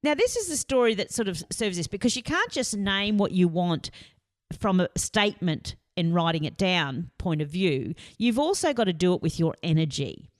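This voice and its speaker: A woman giving a lively motivational talk, telling stories and putting on voices. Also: on the low side, moderate pace. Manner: lively, storytelling with put-on voices. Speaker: motivational speaker.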